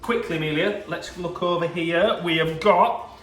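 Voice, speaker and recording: A man's voice: on the high side, steady tone, normal speed, noisy background. Gushing Yorkshire produce man, echoey room. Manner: enthusiastic, gushing about produce. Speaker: produce seller. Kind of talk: casual product demonstration. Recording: echoey room, distant mic, faint music.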